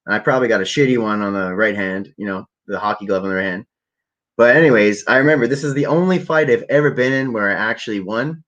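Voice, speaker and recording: A man's voice: on the low side, quick pace, a bit bright, lo-fi sound. A man telling a rambling, profane story in a laid-back, casual way to a livestream audience. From Canada. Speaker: vlogger.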